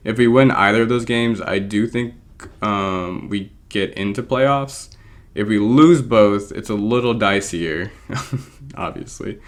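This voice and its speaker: Here a man talks casually over competitive gameplay, wandering off topic, dropping frequent ums and laughing at his own expense. Born in England and raised in America, he coaches a draft league and makes videos; his voice is lowish and slow.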